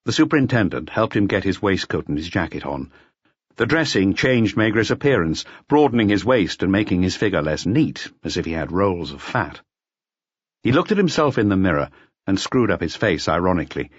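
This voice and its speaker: A man reading a crime novel aloud in a measured, expressive storytelling manner. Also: deep voice, slightly rough, dry recording. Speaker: audiobook narrator. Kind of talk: scripted narration. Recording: dull lo-fi audio, dry.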